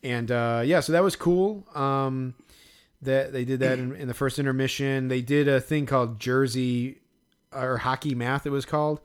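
A man's voice: medium pitch, fairly even intonation, moderate pace, clean tone. A man co-hosting a podcast, telling a story casually, laughing as he talks and imitating others. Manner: chatty storyteller, laughs while talking, mimics others. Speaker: podcast co-host. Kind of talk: casual chat.

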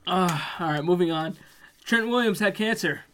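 A man with a slightly high voice chats loosely about football on a podcast. He laughs often and swears freely, excitable and quick to crack up. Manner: laughs a lot, profane, excitable. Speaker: podcast co-host. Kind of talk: casual sports chat.

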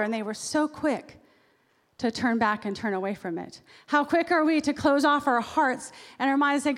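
A woman pastor giving a sermon in a church, lively and acting out the voices she quotes. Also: high-pitched, normal speed. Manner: animated, acts out quoted voices. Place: church sanctuary. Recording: long reverb of a large hall.

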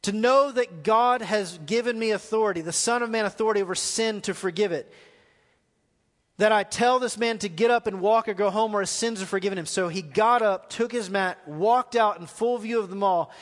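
A man's voice: sits high, moderate pace, in a large hall. A man preaching a live sermon as pastor, asking the congregation questions as he goes. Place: church hall.

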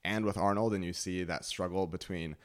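Low-voiced man musing over a cartoon. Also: fairly even intonation, a little fast. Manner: thoughtful, analytical, many fillers. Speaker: podcast co-host. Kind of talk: casual review chat.

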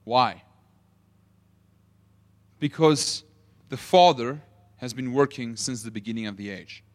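A man preaching a sermon, asking the audience questions and retelling scripture as lively stories. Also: medium pitch, slow. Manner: asks the audience rhetorical questions; animated storytelling with acted-out quotes. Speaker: pastor.

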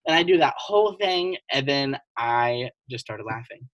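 A podcast co-host telling personal stories in casual chat, animated and laughing often. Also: medium pitch, normal speed, dry recording, dull audio.

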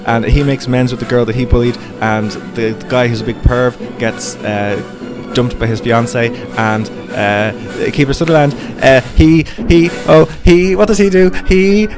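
A man's voice: mid-range voice, steady tone, normal speed, hardly any pauses, music in the background. A man co-hosting a casual podcast, rambling and correcting himself as he recaps a film. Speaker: podcast co-host.

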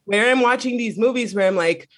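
A man co-hosting a casual podcast, animated and profane, often laughing while he talks. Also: extremely high pitch, a little fast. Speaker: podcast co-host.

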